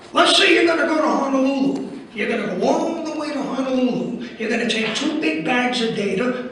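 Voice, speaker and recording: A man's voice: very high voice, fairly bright tone, slight background noise. A man doing an impression of an older stand-up comic at a conference, sardonic and rhythmic, piling up lists. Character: older male stand-up comic, wry and ranting. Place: conference hall. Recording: echoey hall, heard from far off.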